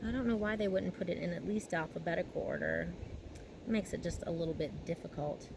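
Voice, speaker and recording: A woman giving an intuitive tarot reading outdoors, talking slowly and dreamily and humming between thoughts. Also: fairly low pitch, steady tone, creaky, background noise. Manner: slow, dreamy and emotional, humming often. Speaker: tarot reader. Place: field outdoors in the mountains.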